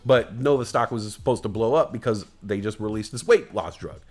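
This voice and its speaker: A man's voice: lowish voice, brisk, darkish tone. Foul-mouthed man ranting on a stream. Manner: heavy swearing, emphatic repetition; loose, digressive, chuckles at his own jokes. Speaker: livestream host. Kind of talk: casual rambling rant.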